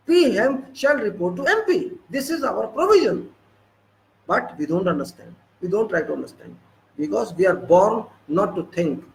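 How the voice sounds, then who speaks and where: Impassioned Indian-accented man, high-pitched. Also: gravelly, poor audio. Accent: Indian English. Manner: rhetorical, scolding, repeats questions to the listener. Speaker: political speaker. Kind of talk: impassioned lecture.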